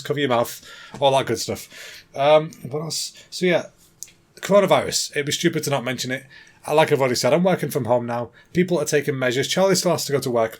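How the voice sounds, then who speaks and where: A man, hosting a rambling, casual comedy podcast monologue into a home mic. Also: mid-range voice. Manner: rambling, chatty, addresses listeners as folks. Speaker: podcast host.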